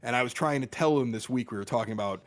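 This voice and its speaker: A middle-aged man telling a story as a podcast guest, animated and quick to act out what others said. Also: mid-range voice. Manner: animated, exaggerated quoting of others. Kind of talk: casual storytelling.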